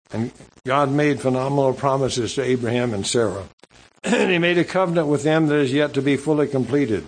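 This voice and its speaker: A preacher reads scripture at a slow pace, commenting between the verses in a steady mid-range voice. His sermon delivery stumbles, with many restarts and repeated words, and the recording is slightly rough.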